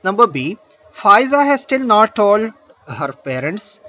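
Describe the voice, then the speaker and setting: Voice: medium pitch, big pitch swings, slow pace, pushed and bright, no echo. A teacher explaining poem exercises, patiently reading out word lists one by one. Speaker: English teacher. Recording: dull lo-fi recording.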